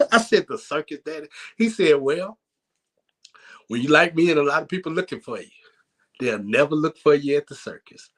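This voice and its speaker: Animated man telling a church comedy story. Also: fairly high pitch, moderate pace. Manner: animated, laughs while telling. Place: church sanctuary.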